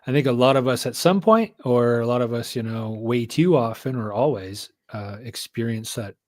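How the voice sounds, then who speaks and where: A man's voice: medium pitch, normal speed, no room sound. A man hosting a podcast, speaking reflectively and openly about his own struggles. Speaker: podcast host. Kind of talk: casual chat.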